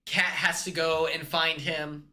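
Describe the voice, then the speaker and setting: A man's voice: on the high side, level tone, slow pace, sharp tone. A man hosting a comedic movie recap, rambling and acting out the characters' lines himself. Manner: rambling, acts out characters in quotes. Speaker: host.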